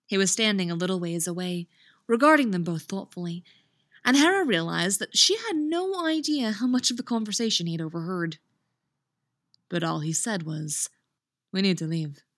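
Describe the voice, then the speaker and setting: A woman reading fan fiction aloud on a couch in a friend's house, expressive, laughing and swearing at her own slips. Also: on the low side, dry recording, studio quality. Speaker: podfic reader.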